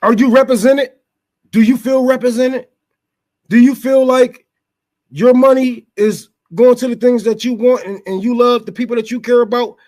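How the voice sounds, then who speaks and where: A man's voice: very high-pitched, steady tone, normal speed, a little mellow. A man hosting his show, delivering an unscripted political rant full of profanity, rhetorical questions and stammered restarts. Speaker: show host.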